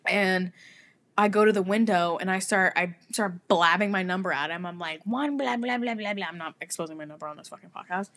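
A young woman co-hosting a podcast, telling a story in casual chat, animated, swearing freely and laughing often. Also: on the low side, brisk. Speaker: podcast co-host.

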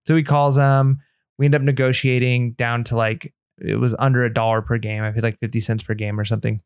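A man chats casually on a podcast, telling a story with energy and slipping into the voices of the people in it. His voice sits at a middle pitch. The sound is dry and close, with no room echo. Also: brisk, smooth. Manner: animated anecdote telling, acts out quoted dialogue. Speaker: podcast co-host.

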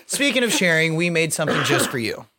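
Homem de voz um pouco aguda, falando enrolado. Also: male voice, on the high side, big pitch swings, fast, sharp tone. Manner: rambling, profane, laughs often. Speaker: podcast co-host. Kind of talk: casual chat.

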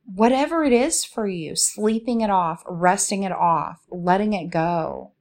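A woman speaking as a spiritual coach in a slow, soothing, inviting way, asking many reflective questions. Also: medium pitch, animated. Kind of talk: reflective guided talk.

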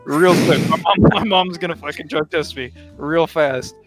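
A man's voice: fairly high pitch, moderate pace, soft background music. A young man on a podcast, telling rambling stories with lots of swearing and laughing. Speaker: podcast co-host. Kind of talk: casual storytelling chat.

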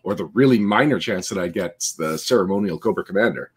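A man's voice: deep voice, lively intonation, quick pace, breathy edge. A man giving his opinions in a casual chat, heard from further off the microphone.

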